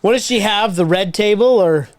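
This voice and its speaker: A man's voice: high-pitched, moderate pace. A man co-hosting a podcast, trading crude jokes in casual banter. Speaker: podcast co-host. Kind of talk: casual comedic chat.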